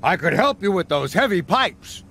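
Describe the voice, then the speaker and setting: A man's voice: sits high, sing-song, moderate pace, creaky, bright, forceful tone, pitched above the performer's own voice, exaggerated voice. A man voicing a friendly, helpful big male crane who speaks cheerfully in a children's cartoon. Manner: cheerful, keen.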